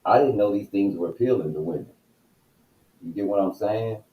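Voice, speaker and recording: A man's voice: fairly low pitch, moderate pace, dull audio. A man talking directly about his own past in a casual livestream chat, using himself as the example. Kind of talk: casual personal storytelling. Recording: echoey room.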